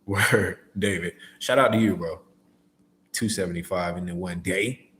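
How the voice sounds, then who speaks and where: A man's voice: sits low, unhurried, a bit bright. A man in casual livestream chat, laid-back and slangy, answering viewers' questions as a delivery driver. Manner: laid-back, slangy, acts out phone calls.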